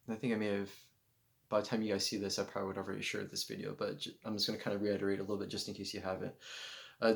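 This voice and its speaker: A man's voice: lowish voice, creaky, a bit bright. A man vlogging spiritual thoughts to a handheld camera, talking in an earnest, rambling way full of "you know" fillers. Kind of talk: casual self-filmed monologue. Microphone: handheld camera mic.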